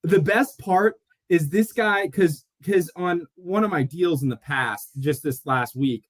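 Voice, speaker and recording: Animated, fast-storytelling podcast guy. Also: on the high side. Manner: animated storyteller acting out quotes. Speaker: podcast co-host; mortgage loan officer. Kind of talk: casual chat.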